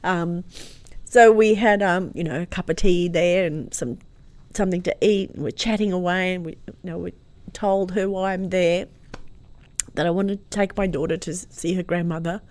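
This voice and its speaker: A woman, a guest telling a personal story in an interview, lively, moving from hushed to loud. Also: fairly low pitch, normal speed. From Croatia.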